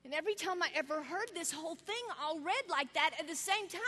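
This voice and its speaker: A woman giving a sermon, telling the story with lively energy and acting out the voices of the people in it. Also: very high voice, fairly quick, few pauses. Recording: long reverb of a large hall.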